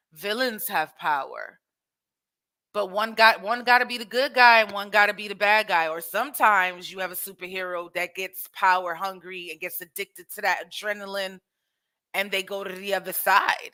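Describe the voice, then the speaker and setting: A woman hosting her own show, casually commenting on clips in an animated way with rhetorical questions. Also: medium pitch. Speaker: host.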